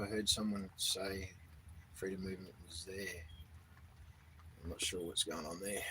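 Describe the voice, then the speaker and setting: A man's voice: fairly low pitch, bright, forceful tone, a little hiss or hum, poor audio. A man hosting a casual livestream, reading out viewers' names and greeting them as he goes. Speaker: livestream host. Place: outdoors in the cold.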